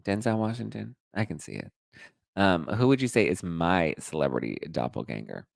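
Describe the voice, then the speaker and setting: A man's voice: deep voice, lively intonation, normal speed, gravelly, no room sound. A man hosting a casual live gossip chat, sassy and dishy, reading and reacting to viewer comments. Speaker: host.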